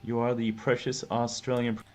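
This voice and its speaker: A man's voice: medium pitch, flat delivery, fairly quick, darkish tone. A man chatting casually on his stream, rambling and poking fun at himself about his music. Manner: rambling, self-deprecating.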